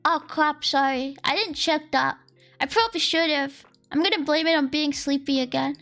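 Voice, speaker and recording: With faint lofi music in the background, an Australian woman chats casually during a coding livestream, her high-pitched voice fairly bright in tone and moving at a moderate pace. She rambles, jokes at her own expense, and laughs often.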